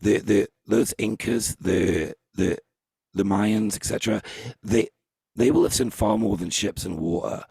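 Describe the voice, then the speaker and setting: A man hosting a casual group chat, talking in halting bursts full of restarts. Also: fairly low pitch, creaky, a little mellow, breathy edge, no echo. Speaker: host.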